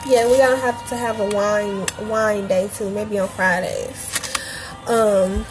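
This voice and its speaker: A young woman from Cleveland who grew up in Atlanta, a bit hoarse, hosting a casual craft tutorial livestream and chatting loosely with her viewers. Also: medium pitch, steady tone, slow pace, over music, rough recording. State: a bit hoarse, feels she is losing her voice.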